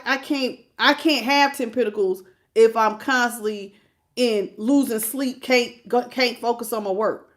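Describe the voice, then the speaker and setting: A woman reads tarot live for her viewers. Her voice sits a little high, and she talks in a chatty, animated way that keeps spilling into emotion, as if she is close to tears. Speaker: tarot reader.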